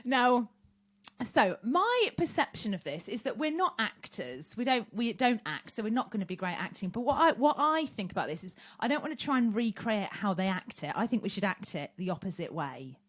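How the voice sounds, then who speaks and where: Teasing woman co-host, lively voice. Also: medium pitch, moderate pace. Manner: bossy, teasing, swears freely. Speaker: podcast co-host. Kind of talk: casual chat.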